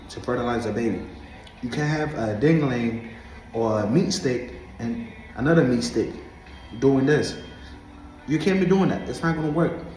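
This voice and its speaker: A man's voice: mid-range voice, darkish tone, roomy sound, slight background noise, poor audio. A man from Africa talking to camera in a casual monologue, preachy and emphatic, repeating his points. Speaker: vlogger.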